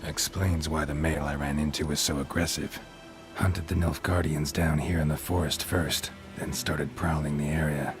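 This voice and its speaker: A stoic, gruff monster hunter from a fantasy video game, with an extremely low, rumbling voice. He speaks in short, clipped, deadpan sentences and wastes no words. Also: moderate pace, music in the background. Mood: terse.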